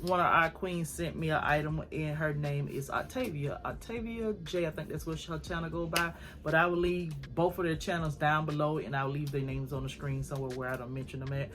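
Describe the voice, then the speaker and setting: A woman's voice: sits low, steady tone, brisk, few pauses, a bit bright, soft background music. Chatty woman doing a home decor haul. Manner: chatty, effusive, talks straight to viewers. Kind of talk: casual haul chat to camera.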